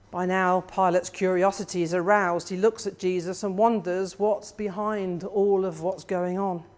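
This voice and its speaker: A preacher delivering a sermon in a measured, reflective way, often putting questions to the listeners. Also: mid-range voice, steady tone, darkish tone.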